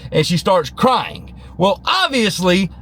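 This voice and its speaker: Man, high voice, folksy and emphatic storyteller. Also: sing-song, takes it slowly, fairly bright tone, a little hiss or hum. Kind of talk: casual storytelling vlog.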